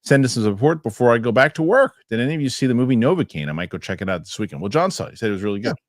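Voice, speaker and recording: A middle-aged man hosting a casual talk show, telling stories and reading viewer messages with animated, excitable delivery. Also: medium pitch, rapid-fire, no room sound, clean studio sound. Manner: animated storytelling, excitable rants. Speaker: show host. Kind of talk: casual chat.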